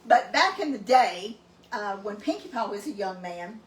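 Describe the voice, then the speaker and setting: A woman's voice: medium pitch, animated, moderate pace. A woman from East Texas with a Southern accent, telling rambling, folksy family stories in casual chat. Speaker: cooking show co-host. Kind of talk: casual storytelling. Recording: echoey room, mic at a distance, faint noise.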